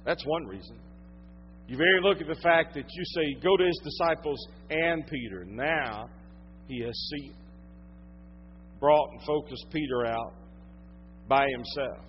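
A man with a Southern US accent, preaching a sermon as a pastor. He swings from loud emphasis to hushed tones and draws out his phrases. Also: fairly high pitch, unhurried, pauses often, lo-fi sound, a little hiss or hum.

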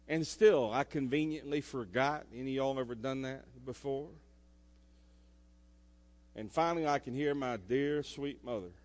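A male pastor, preaching a sermon and swinging between loud emphasis and soft asides. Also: medium pitch. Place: church sanctuary. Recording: echoey church hall.

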